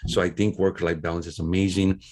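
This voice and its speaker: A man's voice: sits low, level tone, fairly quick, darkish tone. A man hosting an interview podcast, talking in long rambling stretches with repeated words. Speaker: podcast host.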